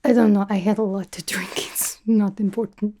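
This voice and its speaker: A young woman voicing a brash, teasing female spy who interviews a recruit, in whispered role-play with a soft, half-whispered, rambling way of talking. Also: medium pitch, fairly even intonation, normal speed, slight background noise, natural voice. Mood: playful teasing. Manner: teasing, chatty, self-absorbed, drops articles. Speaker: ASMR creator.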